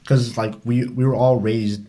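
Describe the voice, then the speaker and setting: A man's voice: medium pitch, level tone, normal speed, dark tone. A young man in a casual group discussion, speaking earnestly with slangy, slightly slurred diction. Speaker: podcast co-host.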